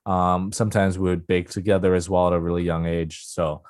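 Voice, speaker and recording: A young man with a very low voice talks in a relaxed, earnest podcast chat, filling his sentences with "like" and little restarts. The sound is dry and close, with no room around it. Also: brisk, no echo. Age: young adult. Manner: earnest, chatty, lots of fillers. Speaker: podcast co-host. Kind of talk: casual chat.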